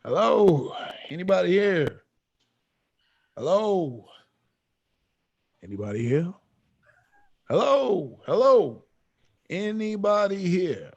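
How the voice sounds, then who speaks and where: A man's voice: high-pitched, sing-song, slow pace, vocal fry, pauses often, dull audio, full character voice. A man voicing a cautious man calling out into an empty building. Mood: wary.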